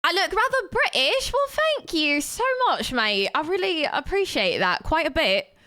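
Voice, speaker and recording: A woman's voice: sits high, very animated, normal speed, bright, forceful tone, pitched above the performer's own voice, exaggerated voice. A woman voicing a playful mock-posh British woman as a put-on accent.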